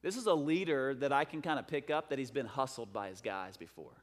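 A man's voice: medium pitch, expressive, a little fast. A man preaching a sermon in a conversational, storytelling way. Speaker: pastor. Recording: long hall reverb.

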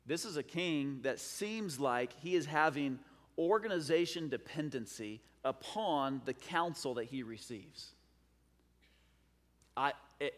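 A man preaching a sermon in a conversational, storytelling way. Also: a little high. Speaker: pastor. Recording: long hall reverb.

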